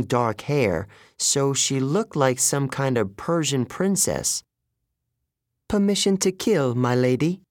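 A man narrating a first-person adventure story in an audiobook, with expressive storytelling. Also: mid-range voice, gravelly, no echo, studio quality.

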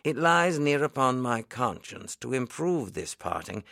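A man reading the part of an earnest, kindly elderly minister in an audiobook, speaking in a solemn, measured, old-fashioned way. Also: mid-range voice, very animated, creaky, a bit bright, no echo, studio quality, exaggerated voice.

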